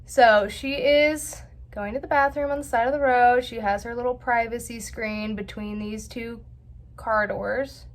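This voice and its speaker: Woman, vlog host, casual storytelling, chatty, animated, slightly high. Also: unhurried. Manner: chatty, animated, heavy on filler words.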